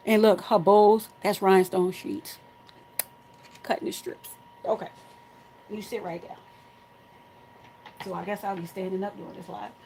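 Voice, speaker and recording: A middle-aged woman hosting a crafting tutorial from home, chatting casually and telling animated stories to her viewers while she works. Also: mid-range voice, a little slow, long pauses, slight background noise, poor audio.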